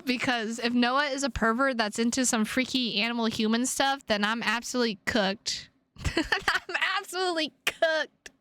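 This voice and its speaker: A young woman streamer reads a visual novel aloud and breaks off into animated, foul-mouthed chatter full of "like." Her voice sits high and bright with a smooth, clean tone. It is recorded close and dry, with no room echo. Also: normal speed, hardly any pauses. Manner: animated, swears freely, heavy "like" fillers.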